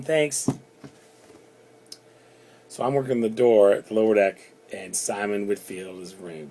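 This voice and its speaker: A man's voice: lowish voice, dark tone, poor audio. A man in his thirties from Canada, rambling chattily through a personal story and acting out the people he quotes. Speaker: bar doorman telling a personal story. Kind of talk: casual spoken anecdote.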